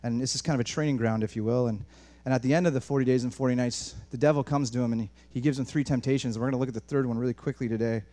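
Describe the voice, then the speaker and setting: A male pastor preaching a sermon in an animated way, often restarting words and addressing the congregation directly. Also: mid-range voice, racing, hardly any pauses.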